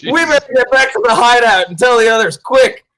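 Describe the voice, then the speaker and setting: Guy doing a silly big-nosed dwarf, terrible fake dwarven accent, way up high and loud. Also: animated, a little fast, crowd noise, poor audio. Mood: frantic. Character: goofy disguised dwarf with a big nose.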